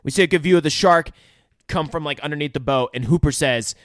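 A man's voice: a little high, quick pace, a bit bright, dry recording, studio quality. A man on a podcast casually retelling a film scene by scene, swearing freely and rambling. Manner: profane, rambling play-by-play retelling. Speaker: podcast co-host recapping a film. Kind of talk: casual chat.

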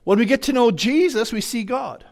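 A man with a strikingly high voice preaches a sermon. He speaks with emphasis and fervor, piling clause on clause in long repeated runs to press his point. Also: animated, normal speed, creaky, darkish tone.

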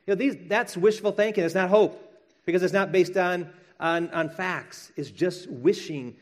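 A middle-aged male pastor delivers a sermon in a relaxed, conversational tone. His voice sits a little high for a man, and he slips into playful quoted voices to make his points. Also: normal speed.

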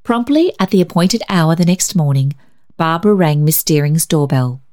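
Woman reading an old story aloud, steady and calm, voice sits a bit low. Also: normal speed. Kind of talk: audiobook narration of a classic story.

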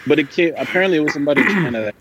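A man hosting a casual movie podcast with friends, loose and quick to laugh. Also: fairly high pitch, animated, noisy background. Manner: giggly, loose, laughs often. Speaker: podcast host. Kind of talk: casual chat.

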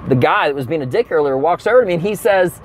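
A young adult man telling a comedic story, animated and profane, with sudden exaggerated outbursts. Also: a little high, quick pace, a little hiss or hum.

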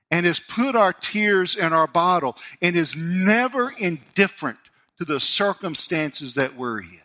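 A man, preaching a sermon as a pastor and telling a personal story with animated delivery. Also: measured pace. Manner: storytelling, animated, voice rising high when excited.

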